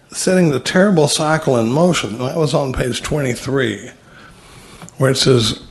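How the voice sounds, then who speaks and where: A man speaking at a recovery meeting, walking through a recovery text and telling folksy, self-mocking stories with plenty of humor. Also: a little high.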